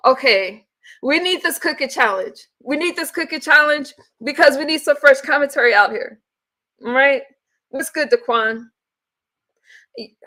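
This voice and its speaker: Woman, fairly high voice, casual livestream host, blunt and profane, chats with viewers between rants. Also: a bit bright. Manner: blunt, profane, greets chat viewers mid-rant.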